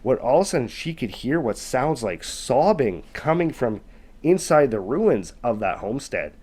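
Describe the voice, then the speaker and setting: A man's voice: medium pitch, big pitch swings, moderate pace, a little mellow. Male storyteller, mid-range voice, conversational scary-story narration, loose and unpolished. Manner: loose, conversational, with many fillers like "kind of" and "basically". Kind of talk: casual retelling of a scary story.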